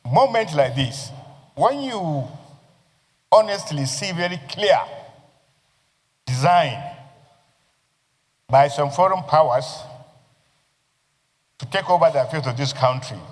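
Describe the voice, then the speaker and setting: A man with a Nigerian accent, a senator giving a forceful, declamatory floor speech with repeated phrases. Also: fairly high pitch, animated, slow, long pauses. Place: legislative chamber. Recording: reverberant chamber audio.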